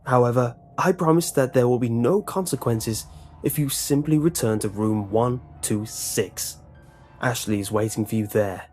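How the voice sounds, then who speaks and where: A man voicing a sinister older lunch lady who speaks in a calm, falsely polite way. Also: mid-range voice, normal speed, soft background music, natural voice. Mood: menacing.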